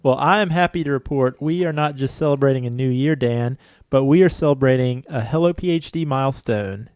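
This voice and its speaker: A man's voice: medium pitch, brisk, a little mellow, clean tone, dry recording. Chatty male podcast co-host, dry mic. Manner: friendly, laughs often, chatty. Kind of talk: casual podcast chat.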